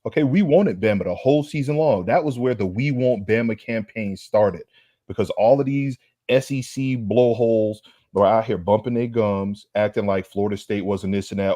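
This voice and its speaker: Recorded at studio quality with no room sound, this fairly low-pitched, mellow male voice moves at a moderate pace. As a sports podcast co-host, he trades heated banter, running down rivals in a loud, emphatic, brash way.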